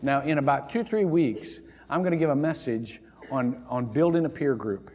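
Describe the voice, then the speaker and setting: A man preaching a sermon in a church, animated and conversational, often restarting his phrases. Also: mid-range voice, normal speed, big-room sound. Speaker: pastor. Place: church sanctuary.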